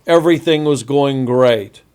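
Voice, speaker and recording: A man's voice: medium pitch, a little slow, darkish tone, smooth. A man pastor hosting a Bible study podcast, talking emphatically and reading scripture aloud with feeling.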